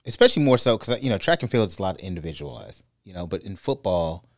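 Low-voiced lawyer host, lively. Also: male voice, fast, no room sound, studio quality. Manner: lively, animated when telling stories. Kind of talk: casual podcast conversation.

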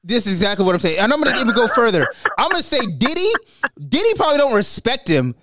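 A man co-hosting a casual chat, animated, swearing freely and laughing often as he talks. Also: very high-pitched, fast talker, no room sound, clean studio sound. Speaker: podcast co-host.

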